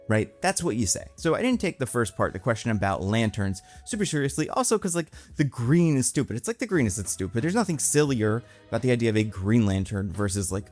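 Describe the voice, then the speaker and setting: Guy in his 30s riffing on comics, chatty and animated, bit of music under him. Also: medium pitch. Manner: animated, chatty, lots of "like" fillers. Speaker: movie commentary host. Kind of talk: casual solo commentary.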